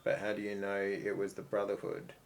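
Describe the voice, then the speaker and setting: A man reading out his game hero's dialogue choices in a flat, matter-of-fact way. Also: on the low side, a little fast, close to an everyday voice. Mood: curt.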